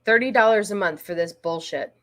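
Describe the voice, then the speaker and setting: A woman's voice: mid-range voice, a little fast, a bit bright. Woman, middle-aged, livestream host, blunt, exasperated, profane, casual commentary.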